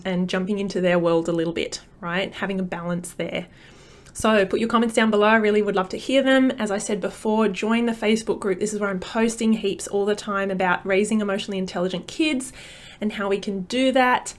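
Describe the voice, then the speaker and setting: A woman, a parenting coach talking casually to camera in an upbeat, chatty way with many fillers. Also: medium pitch.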